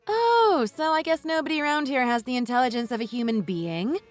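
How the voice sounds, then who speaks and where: A woman voicing a furious wife in a text-message story, who talks in a sharp, sarcastic, cutting way. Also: high voice, lively intonation, fairly quick, soft background music. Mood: scornful. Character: furious wife confronting her in-laws.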